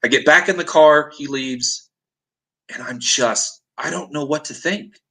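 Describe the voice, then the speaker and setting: A man's voice: on the high side, unhurried, gravelly, sharp tone, poor audio. A man earnestly recounting a dramatic personal experience, acting out what people said. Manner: earnest, dramatic retelling with acted-out quotes. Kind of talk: intense personal storytelling.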